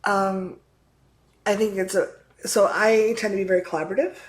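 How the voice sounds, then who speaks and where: Middle-aged woman co-host, casual chat, hesitant and full of fillers, mid-pitched. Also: fairly even intonation, moderate pace, rough recording. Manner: hesitant, thinking aloud with many fillers. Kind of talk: casual conversational advice chat.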